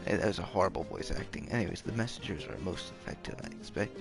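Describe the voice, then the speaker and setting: A man's voice: sits low, fast, gravelly, hardly any pauses. A man rambling goofily and mocking himself while playing a game late at night, keeping his voice down. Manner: rambling, goofy, playfully self-mocking. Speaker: game streamer. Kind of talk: hushed late-night gaming chatter. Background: game music.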